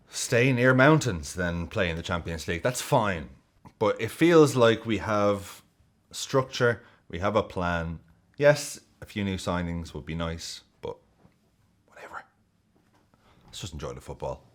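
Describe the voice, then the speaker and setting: A man hosting a football video, giving jokey, excitable and sweary casual commentary. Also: low-pitched.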